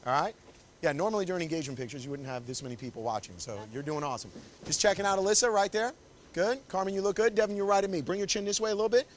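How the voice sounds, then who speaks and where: A faint hiss or hum sits under this man's high-pitched, animated and very fast delivery. He is a wedding photographer giving a live posing lesson indoors in tight quarters, upbeat and coaxing as he directs the couple constantly.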